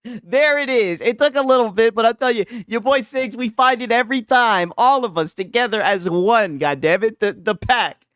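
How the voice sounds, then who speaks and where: A man's voice: high-pitched, moderate pace, fairly bright tone, clear, resonant tone, no room sound, clean studio sound. A man reacting to a clip on his stream, mocking and laughing, with lots of slang. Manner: mocking, laughing, slangy, replays and repeats lines. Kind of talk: casual reaction commentary.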